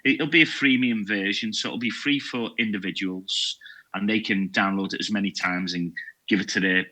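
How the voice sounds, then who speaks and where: Bright-voiced man, chatty. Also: fairly low pitch, fairly even intonation, moderate pace, low-quality recording. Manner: chatty, jokey and self-deprecating. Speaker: podcast guest, security trainer. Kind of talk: casual chat.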